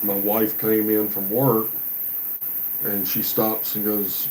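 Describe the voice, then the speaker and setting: A man who runs a gunsmith shop, chatting in a relaxed, folksy, rambling way on a casual livestream. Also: fairly low pitch, takes it slowly, a little hiss or hum, rough recording.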